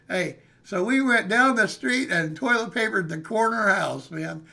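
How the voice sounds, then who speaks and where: An older man tells a story in a rambling, folksy way, his voice pitched high and bright with a gravelly rasp. He is in his sixties, and he chats straight to his live-stream viewers. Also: lively intonation, a little slow, few pauses. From California, USA. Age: 60s. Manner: folksy, rambling, calls listeners "man" and "hey". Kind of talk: casual storytelling.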